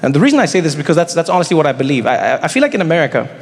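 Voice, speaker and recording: A man performing animated stand-up storytelling on a comedy stage, acting out the scenes and mocking himself. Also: fairly high pitch, very fast. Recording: live comedy hall with audience noise.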